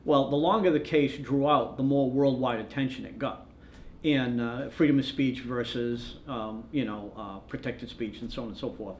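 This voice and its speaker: A male news photographer rambles through his anecdotes in a documentary interview, acting out what each person said. His voice sits at an ordinary middle pitch for a man. The room around him rings with a noticeable echo. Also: moderate pace, darkish tone, slight background noise. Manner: rambling storyteller who acts out quoted dialogue. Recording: roomy echo.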